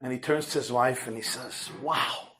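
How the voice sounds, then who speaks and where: A man's voice: medium pitch, a little fast, fairly bright tone, slight background noise. A rabbi giving a lecture to a large audience, telling stories animatedly and joking with his listeners. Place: community center hall.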